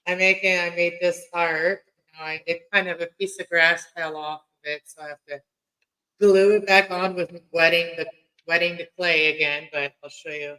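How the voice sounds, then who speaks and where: A man who grew up in Mexico, hosting a casual late-night stream chat, talkative and quick to laugh. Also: on the high side, flat delivery, pushed and bright, smooth, low-quality recording. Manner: chatty, laughs easily, drifts between topics.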